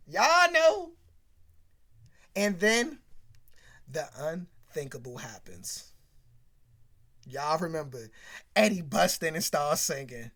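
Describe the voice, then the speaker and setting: A woman hosting a casual commentary rant, animated and slangy, talking straight to her viewers. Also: low voice, slow pace, pauses often. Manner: animated, slangy, keeps addressing the audience. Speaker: show host.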